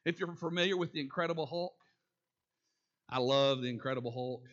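A man's voice: medium pitch, a little fast, long pauses, fairly bright tone, lo-fi sound. A man preaching a sermon in a folksy way, asking the congregation questions and laughing at his own jokes. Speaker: pastor.

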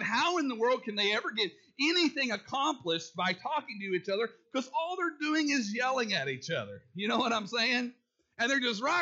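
High, bright-voiced pastor. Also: male voice, dull audio. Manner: folksy, asks the congregation questions, laughs at his own jokes. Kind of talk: sermon.

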